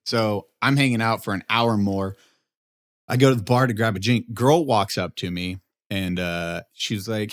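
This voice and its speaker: Young male guest, storyteller, acts out the quotes with jumps up, lowish voice. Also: moderate pace. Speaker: podcast guest, producer. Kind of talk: casual storytelling chat.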